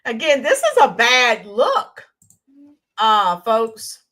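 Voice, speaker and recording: Lively high-voiced woman streamer. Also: slow pace. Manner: animated, reads viewer comments aloud, greets viewers warmly. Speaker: political livestream co-host. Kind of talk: casual political commentary livestream.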